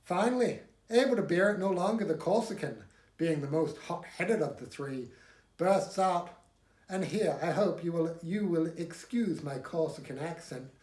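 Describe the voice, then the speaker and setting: A man voicing a blunt, jovial northern English surveyor with a County Durham accent, talking loud and hearty. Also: moderate pace, natural voice. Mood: storytelling. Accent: put-on County Durham English. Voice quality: loud, hearty, raised pitch. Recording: echoey room.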